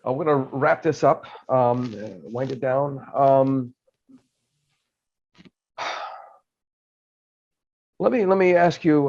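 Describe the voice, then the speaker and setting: A man hosts a podcast interview in casual chat, talking haltingly with many fillers and restarts. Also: medium pitch, a little mellow, dull audio. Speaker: podcast host.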